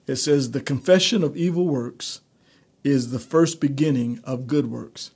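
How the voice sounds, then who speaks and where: A male pastor teaching a streamed Bible study in a conversational preaching manner, building to animated emphasis. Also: mid-range voice, a little slow, husky.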